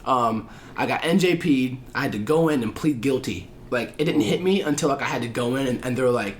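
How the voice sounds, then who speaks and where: A man telling a story as a podcast guest in casual chat, animated and profane, acting out the voices of people he quotes. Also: mid-range voice, a little fast, a little hiss or hum.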